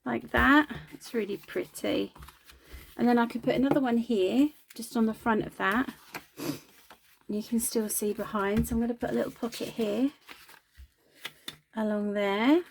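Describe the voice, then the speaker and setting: Chatty woman crafting, gravelly voice. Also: on the high side, normal speed, long pauses, a little hiss or hum. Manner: chatty, self-deprecating, talks while working. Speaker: craft video host. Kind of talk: casual crafting chat.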